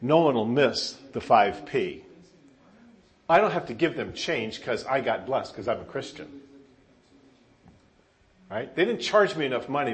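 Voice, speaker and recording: Using self-deprecating humor and animated stories, a male pastor from Southern California preaches a sermon to his congregation. He speaks at a medium pitch.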